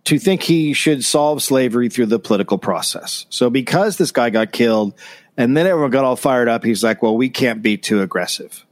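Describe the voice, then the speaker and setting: A man reads history aloud in a casual comedic podcast. His pitch swings widely as he goes. He breaks off the text for dry, sarcastic commentary. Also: animated, a little fast. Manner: reads notes, then riffs with dry sarcasm. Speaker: podcast co-host reading history.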